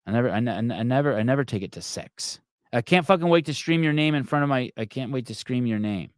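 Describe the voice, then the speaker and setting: A man's voice: medium pitch, animated, fast, dry recording, studio quality. A man hosting a podcast, chatting casually, swearing freely and stumbling through restarts as he reads viewer comments aloud. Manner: profane, rambling, self-mocking, with many stammered restarts. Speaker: podcast host. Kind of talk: casual live-stream chat, reading viewer comments.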